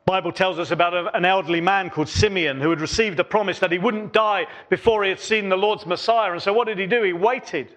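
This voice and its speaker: A pastor preaching a sermon in church, in an earnest voice with a repetitive cadence, often dropping softer between phrases. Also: male voice, sits high, a little fast, hardly any pauses.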